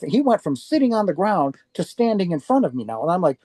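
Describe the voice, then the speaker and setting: Warm-voiced man telling an animated story. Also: a little high, brisk, few pauses, no echo. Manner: animated, acts out quoted dialogue with restarts. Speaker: interview guest. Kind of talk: casual storytelling.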